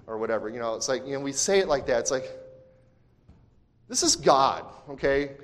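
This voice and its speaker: Emphatic pastor in a reverberant church. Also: male voice, mid-range voice, fairly quick. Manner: emphatic, swings from quiet to shouting; conversational asides and restarts. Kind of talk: sermon. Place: church sanctuary. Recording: long church hall reverb.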